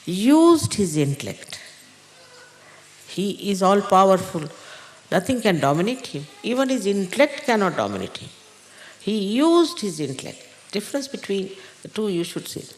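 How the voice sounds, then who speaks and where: A woman spiritual teacher giving an unhurried, halting spiritual talk to followers, with pauses and fillers. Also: mid-range voice, very animated. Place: large indoor gathering hall. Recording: echoey hall recording.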